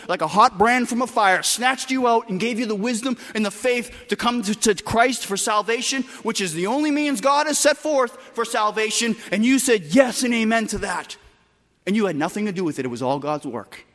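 A man preaching a sermon with emphatic delivery, moving between loud bursts and quiet, soft passages. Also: high voice, moderate pace, big-room sound. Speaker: pastor.

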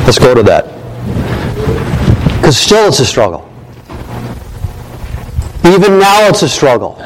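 A male pastor delivers a sermon with emphatic repetition and rhetorical questions. His voice sits a little high for a man. A faint rumble runs underneath. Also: sing-song, slow, long pauses, poor audio.

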